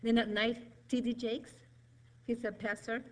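A woman's voice: fairly high pitch, level tone, measured pace, rough recording. A middle-aged woman giving a nervous, rambling, emotional personal testimony in church.

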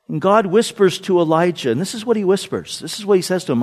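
A middle-aged man preaching a sermon, swinging between loud emphasis and hushed, whispered lines. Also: high voice, animated, fast, few pauses. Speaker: pastor.

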